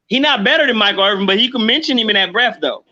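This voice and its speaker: A man's voice: sits high, expressive, quick pace, sharp tone. Insistent slangy man, lo-fi sound. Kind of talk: casual sports chat.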